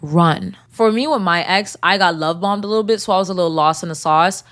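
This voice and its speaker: A woman hosting a podcast who reads out a listener's story and breaks off into loud, animated reactions. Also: fairly low pitch, fairly quick. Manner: animated, swings between reading and loud outbursts. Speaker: podcast host. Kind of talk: reading a listener submission and reacting.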